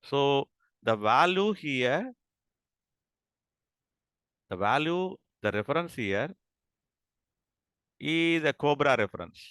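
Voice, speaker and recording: A man's voice: mid-range voice, very animated, a bit bright, clear, resonant tone, no room sound. A man lecturing a class, often stopping to ask whether students follow and restarting his sentences. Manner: repeats and checks understanding, halting restarts.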